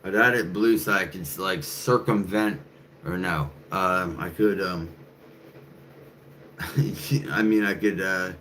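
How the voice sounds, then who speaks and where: A man's voice: sits low, slow pace, long pauses, a bit bright. A man rambling in a casual, profane monologue to camera, full of fillers and restarts. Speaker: channel host. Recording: faint background noise.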